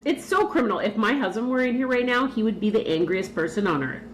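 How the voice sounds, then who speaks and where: A woman's voice: on the high side, lively intonation, quick pace, low-quality recording. Blunt, teasing woman podcast host. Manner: blunt, swears freely, teasing. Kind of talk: casual chat.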